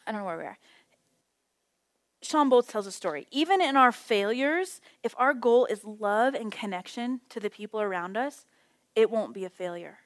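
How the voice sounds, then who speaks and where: A woman's voice: fairly high pitch, normal speed. Chatty woman teaching a Bible study. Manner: conversational, animated storytelling with acted quotes. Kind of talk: casual teaching talk.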